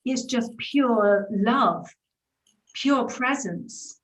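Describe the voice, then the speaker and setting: A woman in her forties with a Brighton English accent, hosting a casual interview and speaking in a gushing, affectionate, spiritual way. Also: fairly high pitch, drawn-out words, echoey room. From England. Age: 40s. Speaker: host.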